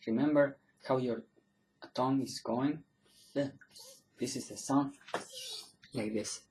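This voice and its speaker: A man teaching pronunciation in a relaxed online video, with a voice of middling pitch. He repeats each example word slowly so learners can copy it. He often trips, backs up and apologizes before carrying on. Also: slight background noise, rough recording. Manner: loose and self-correcting, often apologizing and restarting. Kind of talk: casual online video lesson.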